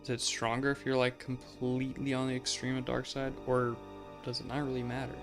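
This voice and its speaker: A man's voice: medium pitch, monotone, a little fast, music in the background. A man hosting a let's play, giving casual gameplay commentary in a chatty, musing way, often saying "like" and laughing.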